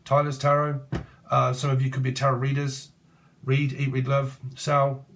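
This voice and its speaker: A man's voice: mid-range voice, monotone, normal speed, fairly bright tone, slight background noise. Rambling, free-associating male tarot reader. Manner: free-associating, jumps between word plays and names, often laughs; casual, swears and uses slang. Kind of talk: rambling tarot reading monologue.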